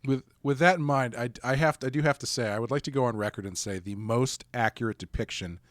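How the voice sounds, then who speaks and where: A man's voice: medium pitch, fast talker, no room sound. Male podcast co-host, casual and rambling, dry close sound. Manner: rambling, self-correcting, relaxed. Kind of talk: casual chat.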